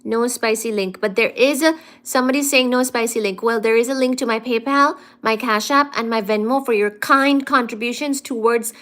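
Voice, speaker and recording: A woman with a slightly high voice chats casually with her live stream audience from home. She is playful and affectionate, greeting viewers by name and reading out their comments. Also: normal speed, few pauses, a bit bright. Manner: affectionate, calls viewers "darling".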